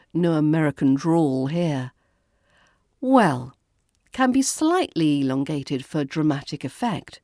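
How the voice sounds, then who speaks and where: A woman's voice: low-pitched, big pitch swings, slow pace, long pauses, darkish tone, dry recording. A woman with a British RP accent, an accent coach giving a scripted lesson with dry humour and precise enunciation, then reading a fairy tale. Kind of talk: scripted lesson and storybook narration.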